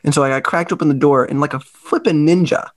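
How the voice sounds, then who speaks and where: Podcast co-host, American man, slightly higher voice, dry sound, spins a lively anecdote. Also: fast talker, dry recording. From United States. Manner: animated storyteller who acts out quoted people. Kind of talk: casual storytelling chat.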